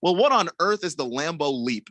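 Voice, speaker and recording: A man co-hosting a casual sports talk radio show, arguing his points in quick, opinionated bursts. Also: on the high side, big pitch swings, fairly bright tone, no echo.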